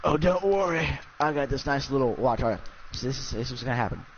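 A man's voice: mid-range voice, lively intonation, fast. A young man gaming with a friend, swearing and ranting in exasperated, profane banter. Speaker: gamer. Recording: dull lo-fi with faint noise.

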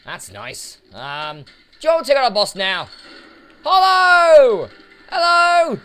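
Man, gaming commentary, chats to enemies, bright voice, faint game music. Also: a little high, huge pitch swings, normal speed, clean tone. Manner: chatty, talks to enemies on screen. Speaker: gaming YouTuber. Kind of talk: let's play commentary.

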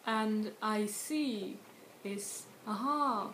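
A woman's voice: mid-range voice, little pitch movement. Woman teaching in an echoey room. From Sweden. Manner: explains slowly with many restarts and spoken example words. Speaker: language tutor. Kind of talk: casual video lesson. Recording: echoey room with faint noise.

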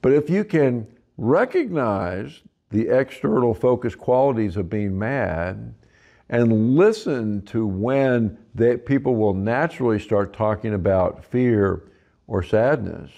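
A man's voice: medium pitch, animated, slow, creaky, warm tone. A man giving an instructional talk to facilitators, sometimes acting out what clients say in a livelier voice. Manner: acts out client quotes in a livelier voice. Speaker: trainer for facilitators.

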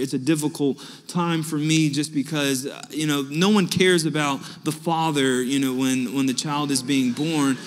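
A young adult man preaching a sermon, telling personal stories and acting out the dialogue with lively energy. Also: medium pitch. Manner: animated anecdotes with acted-out dialogue. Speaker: pastor. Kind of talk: storytelling sermon. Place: church sanctuary. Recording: long hall reverb.

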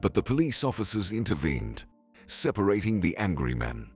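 A man narrating a dramatic story in a scripted, expressive way. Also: low-pitched, normal speed. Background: faint music.

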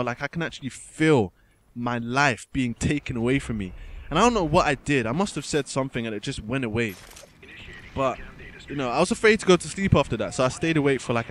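A man's voice: mid-range voice, a little hiss or hum. A young man commentating over gameplay, telling a story in a casual, rambling way with many restarts, often calling his viewers guys and man. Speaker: gaming commentator.

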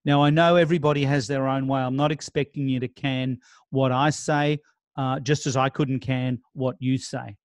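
A man with a mid-range voice speaks in a steady tone at a normal pace, with no room sound, as he gives a casual real estate sales lesson. He talks through client scripts in a conversational way, role-playing them and often starting over.

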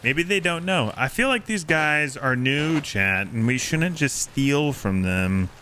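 A man's voice: fairly high pitch, lively intonation, slow pace. A man streaming a game, chatting casually and teasing the other players. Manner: playful, teasing. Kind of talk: casual gameplay chat. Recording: game stream with clear background noise.

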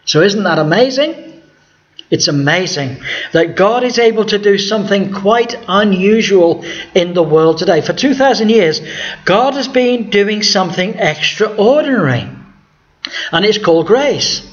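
High-voiced pastor preaching to a congregation. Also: male voice, animated, measured pace, lo-fi sound. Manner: teaching preacher asking the congregation questions. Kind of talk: sermon Bible teaching. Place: church hall before a congregation.

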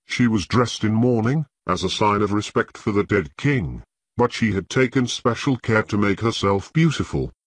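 A man reading a fantasy novel aloud as an audiobook narrator, in a measured, unhurried way. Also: lowish voice, lively intonation, husky, dry recording.

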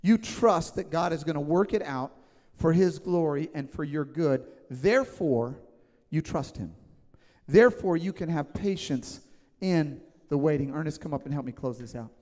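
A fairly high-voiced male pastor delivers an emphatic, conversational sermon. He regularly checks in with his listeners, and his voice rings with the long reverb of a church hall. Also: expressive, normal speed, darkish tone. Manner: emphatic, conversational, asks the congregation questions. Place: church sanctuary.

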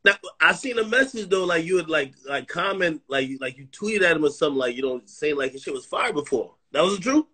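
A man's voice: fairly high pitch, expressive, brisk, hardly any pauses, bright, forceful tone, slightly rough. A man hosting a casual livestream chat, asking probing questions and giving advice. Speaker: livestream host. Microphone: phone livestream.

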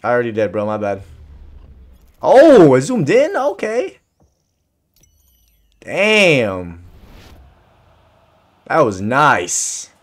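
A man giving excited commentary over his own soccer video game match, cheering, swearing and shouting at teammates. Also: mid-range voice, very slow, pauses often. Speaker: gaming video creator.

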